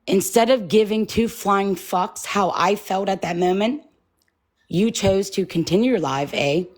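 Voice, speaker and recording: A woman's voice: mid-range voice, a little slow. A woman hosting a livestream, shaky and nervous, talking bluntly and confrontationally and swearing freely. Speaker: livestream host.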